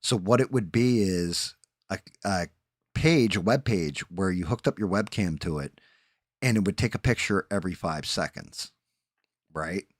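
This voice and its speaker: A man's voice: low-pitched, measured pace, dry recording, clean studio sound. A man, telling rambling, profane stories in a casual chat as a stream host. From New Jersey. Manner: rambling, profane, laid-back storyteller.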